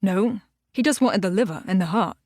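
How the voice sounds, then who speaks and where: A woman's voice: mid-range voice, brisk, darkish tone, no echo, clean studio sound, natural voice. A woman voicing a blunt, cold hitman. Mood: blunt indifferent. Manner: curt, indifferent, short replies.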